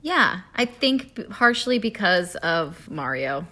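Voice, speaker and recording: A woman's voice: fairly low pitch, big pitch swings, unhurried, bright, forceful tone. A woman co-hosting a casual podcast, easygoing and frank. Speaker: podcast co-host. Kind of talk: casual chat.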